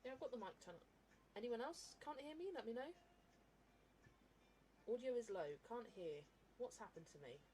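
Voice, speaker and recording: A woman's voice: on the high side, animated, normal speed, pauses often, mellow, slight background noise, low-quality recording. A woman chatting casually on a live stream as she colours, thinking aloud, giggling often, and talking into a webcam mic.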